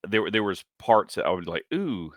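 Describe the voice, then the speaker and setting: A deep-voiced man in his forties, bright and forceful, chatting casually about comics on a podcast. He hesitates a lot, stacking ums and restarts. The sound is close and dry. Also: fairly even intonation, brisk, no room sound. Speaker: podcast co-host. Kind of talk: casual comic review chat.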